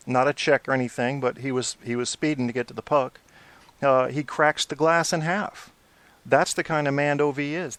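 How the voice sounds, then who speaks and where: A man's voice: mid-range voice, a bit bright, dry recording. A man in his forties hosting a post-game hockey talk show, opinionated and blunt, swearing when riled. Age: 40s. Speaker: podcast host.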